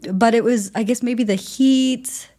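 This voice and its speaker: A woman's voice: a little high, normal speed, mellow. A young woman from New Zealand, a guest in a casual interview, chatting with frequent fillers and laughter.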